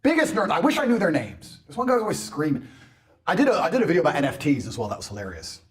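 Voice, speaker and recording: A man ranting on a podcast in a boastful, mocking way, mimicking people in loud bursts. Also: on the high side, huge pitch swings, racing. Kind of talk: animated podcast rant.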